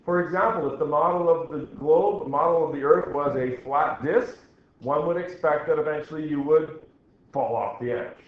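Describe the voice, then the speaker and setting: Middle-aged male teacher in an echoey classroom. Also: a little high. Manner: reads a text aloud and pauses to explain, with dry teacherly jokes. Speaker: science teacher. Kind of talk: classroom lecture. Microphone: recorder in the room. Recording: very echoey, dull classroom recording with faint noise.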